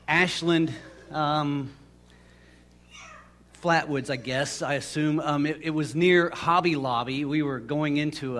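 A man's voice: fairly high pitch, fairly bright tone, slight background noise. A man preaching a casual, storytelling sermon, rambling and conversational with many restarts. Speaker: pastor.

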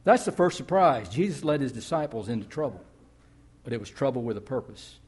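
A man's voice: mid-range voice, big pitch swings, fairly quick, a little mellow, husky. A man preaching a sermon as a pastor, telling stories conversationally with emphatic rises.

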